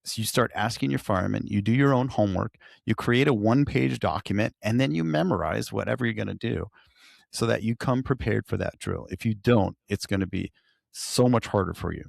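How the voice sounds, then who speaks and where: Gravelly low-voiced man telling stories. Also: a little fast, dry recording, studio quality. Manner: storytelling, animated when quoting others. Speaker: podcast co-host, firefighter. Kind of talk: casual podcast chat.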